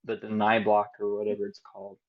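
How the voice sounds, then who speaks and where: A young man co-hosting a podcast, chatting casually, animated and quick to laugh. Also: fairly low pitch, highs cut off. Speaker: podcast co-host. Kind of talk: casual chat.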